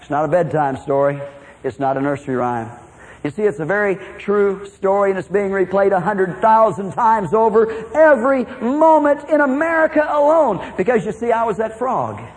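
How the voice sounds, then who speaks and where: Middle-aged preacher guy from minnesota, high voice, folksy, goes big then drops to a hush. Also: normal speed, rough recording. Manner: folksy, dramatic swings between loud and hushed. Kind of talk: sermon with personal testimony.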